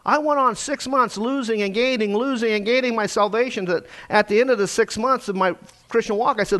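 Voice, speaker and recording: High-voiced preacher telling his story. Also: a little fast, hardly any pauses. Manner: storytelling preacher, swings from loud urgency to hushed quiet. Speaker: pastor. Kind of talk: sermon. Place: church sanctuary.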